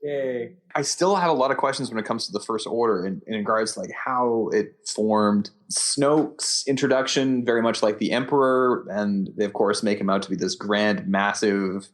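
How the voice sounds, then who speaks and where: A man's voice: on the low side, moderate pace. A man co-hosting a casual movie podcast, playful and jokey. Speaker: podcast co-host.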